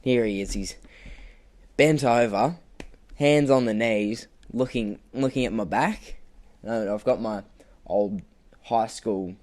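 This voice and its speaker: A young man telling an animated work story on a podcast, acting out quotes and laughing often. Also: lowish voice, slow pace, dry recording. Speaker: podcast co-host. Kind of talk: casual storytelling.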